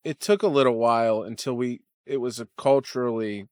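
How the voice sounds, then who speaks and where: A man chatting casually with an enthusiastic, halting delivery. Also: medium pitch, a little mellow, no echo. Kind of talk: casual chat.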